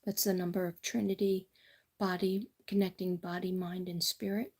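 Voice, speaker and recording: A woman's voice: fairly low pitch, little pitch movement, moderate pace, darkish tone, breathy edge. A middle-aged woman from Staten Island with a New York accent, giving a casual, rambling tarot reading full of personal stories. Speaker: tarot reader.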